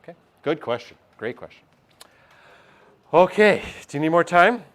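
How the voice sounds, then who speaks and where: A man's voice: a little high, animated, normal speed, a bit bright. A male teacher, giving a chatty classroom lesson and often checking in with his class.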